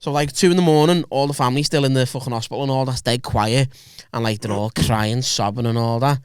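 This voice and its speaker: A man's voice: medium pitch, fairly even intonation, fast talker, clear, resonant tone, no echo, studio quality. Man telling sweary stories. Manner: sweary, laughing anecdotes. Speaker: podcast co-host. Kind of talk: casual storytelling chat.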